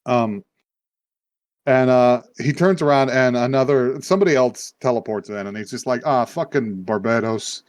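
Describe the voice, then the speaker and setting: A man's voice: medium pitch, moderate pace, darkish tone, clear, resonant tone, no room sound, clean studio sound. A man hosting a podcast, recapping an anime episode in loose, profane, laughing chat. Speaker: podcast host.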